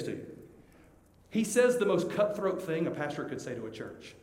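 A man pastor preaching a conversational sermon, animated and acting out the voices of the people he quotes. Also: a little high, normal speed. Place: church sanctuary. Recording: echoey hall with long reverb.

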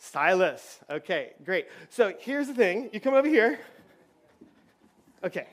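High-voiced playful man leading kids. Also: sing-song, measured pace. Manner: playful, upbeat, chatty with many fillers. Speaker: children's pastor. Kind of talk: lively children's church talk. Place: church stage with kids and adults.

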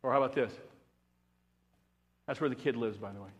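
Animated preaching man in a hall. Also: medium pitch, brisk, highs cut off. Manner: animated preaching, swings from loud emphatic to hushed. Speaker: pastor. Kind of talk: sermon. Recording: long reverb of a large hall.

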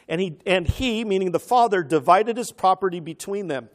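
A man preaching an animated teaching sermon who keeps asking his listeners questions. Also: sits high, fairly quick.

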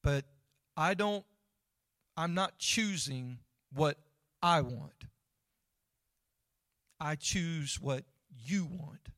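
A man voicing an overwhelmed man praying to his father, quiet and earnest. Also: fairly high pitch, drawn-out words, long pauses, no echo, clean studio sound. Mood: pleading.

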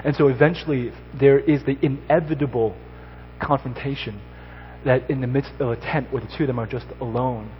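A man giving a sermon, telling a story and then exhorting his listeners with rising emphasis. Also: mid-range voice. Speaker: pastor. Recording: slightly dull recording with faint noise.

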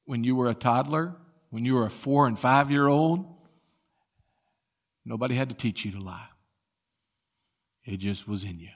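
A pastor preaches a sermon and reads scripture aloud at a moderate pace, pausing often. His delivery builds to loud, emphatic peaks before dropping low again.

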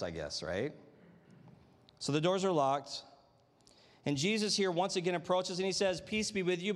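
In a large hall, a pastor with a voice on the high side preaches to a live congregation in a church sanctuary. He's chatty and conversational, frequently throwing in rhetorical tag questions.

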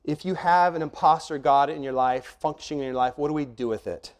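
A man's voice: fairly high pitch, fairly quick. A middle-aged man preaching a sermon as pastor, earnest and emphatic, asking rhetorical questions and laying out numbered points.

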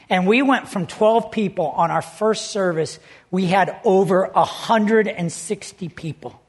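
High-voiced pastor preaching conversationally. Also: male voice, a bit bright. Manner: conversational storytelling, earnest. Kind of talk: sermon.

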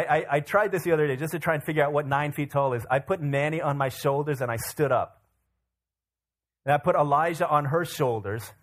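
A male pastor preaching a sermon in an animated, casual storytelling way. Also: on the high side.

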